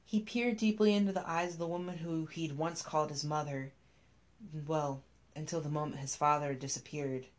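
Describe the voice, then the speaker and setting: A woman reading a scripted story aloud, telling it in a measured, even way. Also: low-pitched.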